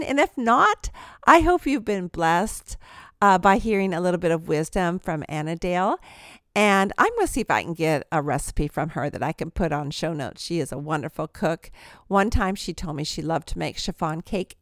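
A woman in her sixties tells stories on her podcast with a voice that swoops up and down and sits a little low. The sound is dry and close, with no room around it. She laughs often as she talks. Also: normal speed, dry recording. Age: 60s. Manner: animated storyteller, laughs often. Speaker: podcast host. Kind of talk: storytelling podcast talk.

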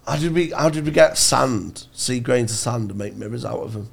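A man's voice: mid-range voice, moderate pace, creaky, hardly any pauses, husky. A man, co-hosting a podcast, telling a rambling comic story full of swearing and acted-out voices. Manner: sweary, animated, acts out voices. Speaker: podcast co-host.

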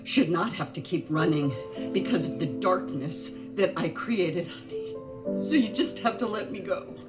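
An actress playing a grave, wounded mother who speaks in a quiet, earnest, pleading way. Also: on the low side, animated, moderate pace, lightly acted. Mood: resigned. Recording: film clip under loud score music.

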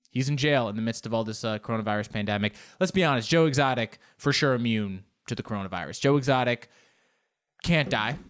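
A man doing a stand-up comedy bit, riffing in an animated, shouty and crude way, often jumping up in pitch.

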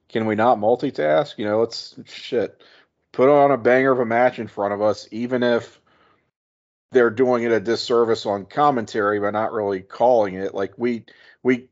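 A man's voice: mid-range voice, darkish tone, dull audio. A man co-hosting a podcast, giving wry, exasperated opinions in casual chat. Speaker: podcast co-host. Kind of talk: casual chat reviewing wrestling.

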